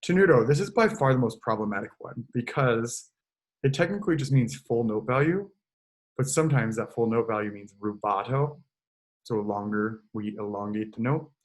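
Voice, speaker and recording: A man's voice: medium pitch, normal speed. Casual male choir director explaining notation. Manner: relaxed, explanatory, sings short examples. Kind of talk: online choral music lesson.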